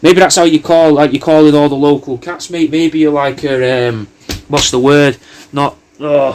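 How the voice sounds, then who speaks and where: A man's voice: on the high side, steady tone, moderate pace. A man delivering a rambling, sweary comic monologue full of absurd tangents and slang, as a personalised video message.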